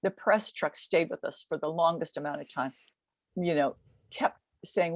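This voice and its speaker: An older woman in her seventies tells a story with energy, tumbling through quick restarts. Her voice sits fairly low and sounds close and dry, with no room around it. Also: dry recording. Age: 70s. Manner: vivid, lively retelling with quick restarts. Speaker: guest recounting a race. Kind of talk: storytelling in a podcast interview.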